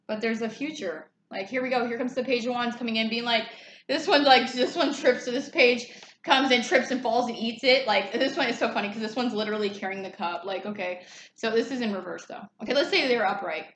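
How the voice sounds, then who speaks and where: A woman's voice: a little high, fairly quick, a bit bright. A woman reading tarot in a casual, chatty way, loose and swearing freely. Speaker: tarot reader. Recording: echoey room, faint background noise.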